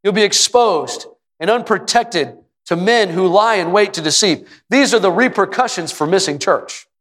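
Male pastor, high voice, emphatic repetitive sermon delivery, church hall echo. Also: lively intonation, normal speed. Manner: preaches with rising emphatic repetition, sometimes shouting. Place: church sanctuary. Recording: long hall reverb.

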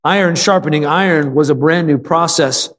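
A middle-aged male pastor delivers a folksy sermon, telling stories and drawing amens from the congregation. His voice sits somewhat high for a man. A long reverb from the church hall trails behind his words. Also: normal speed, fairly bright tone. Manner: folksy storytelling with calls for amen.

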